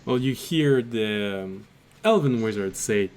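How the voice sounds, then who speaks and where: Slow-spoken man running a tabletop game. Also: fairly low pitch, expressive, a little mellow. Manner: slow, measured narration with voiced characters. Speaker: game master.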